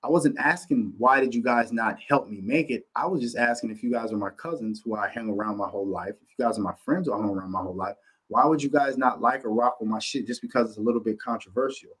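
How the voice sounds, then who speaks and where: A man hosting a podcast from his home office, ranting bluntly and profanely in a casual, animated way. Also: mid-range voice, fast, husky, poor audio. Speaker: podcast host. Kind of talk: casual rant to camera.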